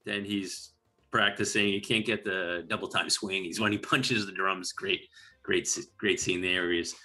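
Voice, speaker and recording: A man's voice: low-pitched, steady tone, a little slow, bright, forceful tone. A man hosting a casual movie podcast, rambling through scenes and acting out lines. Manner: rambling recap, acts out lines. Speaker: podcast host.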